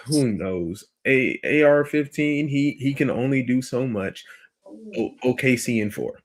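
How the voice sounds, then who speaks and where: A man's voice: medium pitch, lively intonation, a little slow. A man hosting a podcast, talking bluntly in casual opinion chat and swearing freely. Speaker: podcast host.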